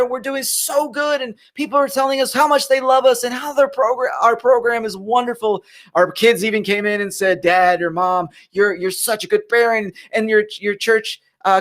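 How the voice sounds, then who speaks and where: A man's voice: very high voice, fairly bright tone. A man hosting a motivational live stream, talking animatedly to viewers at his computer and repeating his key phrases.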